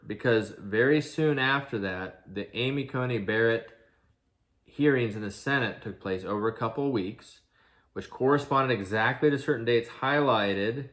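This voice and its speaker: A man's voice: medium pitch, a bit bright. A man, a father of a grown son, giving an earnest commentary monologue full of rhetorical questions and restarts. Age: adult, father of an eighteen-year-old. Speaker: video commentator.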